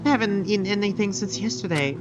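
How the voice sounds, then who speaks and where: A man's voice: high voice, dull audio, music in the background, pitched above the performer's own voice, natural voice. A man voicing a timid, nervous young mare dressmaker, speaking shyly with a slight stammer. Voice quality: shy halting voice with slight stammer.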